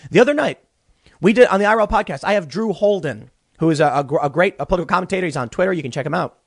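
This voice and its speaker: A man's voice: high-pitched, expressive, very fast, vocal fry, dry recording. A young man hosting a political commentary show from a small closet studio, ranting animatedly and stammering through repeated words. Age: young adult.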